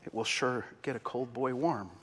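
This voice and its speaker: A preacher voicing a frightened, hungry orphan boy who talks in a halting, pleading way in a reverberant hall. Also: mid-range voice, fairly bright tone, a little hiss or hum, natural voice. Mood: wondering.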